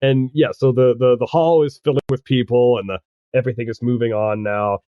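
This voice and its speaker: A man narrating a tabletop role-playing game as game master, chatty and halting, often laughing as he goes. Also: mid-range voice, fairly even intonation, clean tone, no room sound, phone-quality sound.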